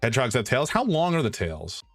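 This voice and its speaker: A man chatting on a live stream in a lively, swooping voice that jumps high when he gets excited. His talk is jokey and animated, full of exclamations. The sound is dry and close, with faint music underneath. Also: a little fast, dry recording. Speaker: streamer hosting a charity stream. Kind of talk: casual live-stream chat while drawing.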